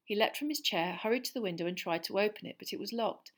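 A woman's voice: medium pitch, fast talker. Woman reading a storybook aloud. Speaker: audiobook narrator. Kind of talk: storybook narration.

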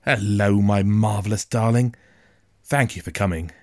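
An injured, gentle father , voiced by a male storyteller, who speaks calmly and reassuringly, with urgency underneath. The pitch is only slightly raised over a low voice. The sound is close and dry. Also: moderate pace, no echo, close to an everyday voice.

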